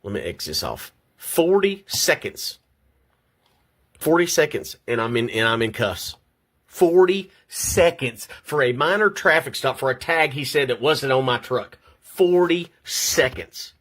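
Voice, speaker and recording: A man's voice: medium pitch, very animated, normal speed, fairly bright tone. An older man at home, shaky and upset, ranting angrily to his viewers and stumbling over repeated words. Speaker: vlogger. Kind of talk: angry personal rant to camera.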